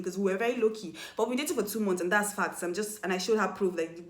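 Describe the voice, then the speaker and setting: A young woman telling a casual storytime vlog, animated, acting out quoted lines in a higher voice. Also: fast talker, few pauses. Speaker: vlogger. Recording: echoey room.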